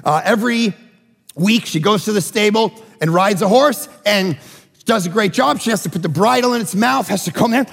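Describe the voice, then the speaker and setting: Male pastor mid-sermon: high, gravelly voice, animated, acts out characters, big reverberant church. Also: normal speed. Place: church auditorium. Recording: large hall with long reverb.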